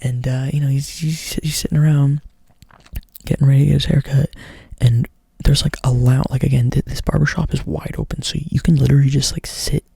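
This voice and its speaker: A man's voice: mid-range voice, level tone, a little fast, vocal fry, mellow, breathy edge, no echo. A young man doing whispered ASMR storytelling up close to the mic, rambling casually and swearing a lot. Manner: rambling, profane, filler-heavy casual talk. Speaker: ASMR creator.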